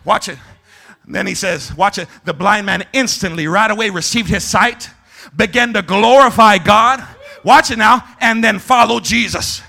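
A man pastor preaching an impassioned sermon at a church service and shouting to the congregation for a response. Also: sits high, normal speed, creaky.

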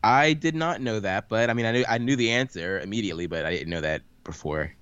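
A man's voice: lowish voice, fast, a bit bright, clean tone, no room sound, highs cut off. A man co-hosting a podcast, chatting casually and animatedly, swearing and mimicking people. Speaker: podcast co-host. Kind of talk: casual recap chat.

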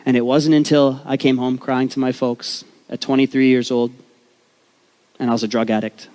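A man's voice: medium pitch, little pitch movement, normal speed, a little mellow. A man from Vancouver, telling his life story on stage as a comedic talk, candid and profane with joking asides to the crowd. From Canada, Vancouver.

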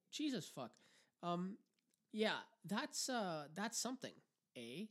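A man's voice: sits high, very animated, slow, a bit bright. A man co-hosting a podcast in casual chat, profane and rambling, often laughing. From Canada. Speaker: podcast co-host.

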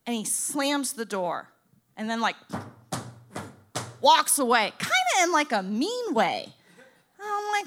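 A young woman from Florida telling a comic story, acting out the people in it and swinging from loud to hushed. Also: high voice, moderate pace. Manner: animated, acts out voices, swings from loud to hushed.

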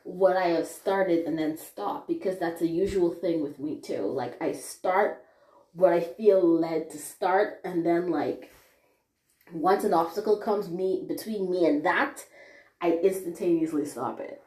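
A young woman hosting her own podcast, giving a rambling, chatty, animated solo update. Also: lowish voice, a little slow. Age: young adult. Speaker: podcast host. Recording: roomy echoey room.

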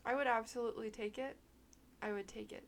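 A woman's voice: a little high, steady tone, a little fast, slight background noise. A young woman co-hosting a podcast, chatting casually in a playful, giggly way. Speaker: podcast co-host. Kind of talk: casual chat.

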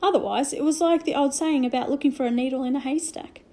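Mellow woman reading a storybook. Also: sits high, fast. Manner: gentle storytelling with hushed asides. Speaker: reader. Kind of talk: reading a children's novel aloud.

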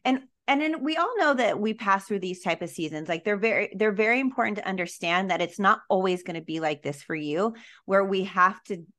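A woman's voice: mid-range voice, animated, a little fast, hardly any pauses, a bit bright. A woman podcast host who asks reflective questions and affirms her guest. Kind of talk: interview conversation.

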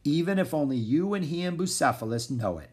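A man's voice: a little high, lively intonation, brisk, a little mellow, pitched above the performer's own voice, close to an everyday voice. A man voicing an eager young girl. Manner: eager and upbeat. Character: bold cheerful young girl.

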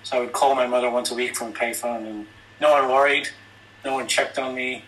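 A man's voice: medium pitch, steady tone, fairly quick, fairly bright tone, far from the mic, a little hiss or hum, poor audio. An Irish man from Ireland telling rambling, profane anecdotes in a casual podcast chat. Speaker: podcast guest.

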